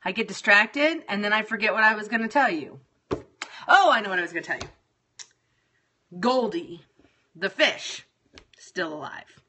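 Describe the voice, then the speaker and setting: A woman's voice: medium pitch, animated, normal speed, pauses often, pushed and bright, slight background noise. A middle-aged woman chatting casually to her viewers on a livestream, scattered, exasperated and swearing freely. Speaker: livestream host.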